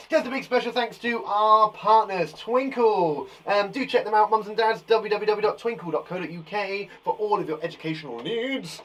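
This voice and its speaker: A man's voice: high-pitched, moderate pace, few pauses, fairly bright tone. A man teaching a phonics lesson to young children online, upbeat and playful, joking and praising often. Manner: upbeat and playful, sings and jokes.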